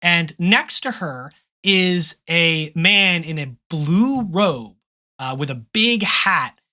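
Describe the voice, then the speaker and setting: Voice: mid-range voice, expressive, slow, bright, forceful tone. A game master narrating a tabletop game with loose, filler-heavy descriptions.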